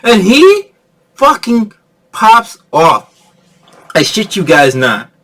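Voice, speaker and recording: A man giving a casual, excitable movie review rant, laughing often and swearing freely. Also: sits high, slow pace.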